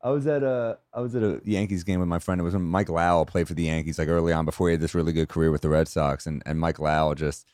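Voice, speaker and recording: A young man chatting casually as a podcast guest, quick and eager, laughing often. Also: low-pitched, fairly even intonation, a little mellow, smooth, dry recording, studio quality. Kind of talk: casual chat.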